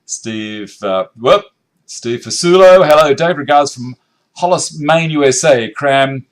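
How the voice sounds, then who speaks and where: A man's voice: mid-range voice, measured pace. A middle-aged Australian man hosting a woodworking live stream in his home workshop, chatting and joking as he reads out viewer comments. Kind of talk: casual live-stream chat.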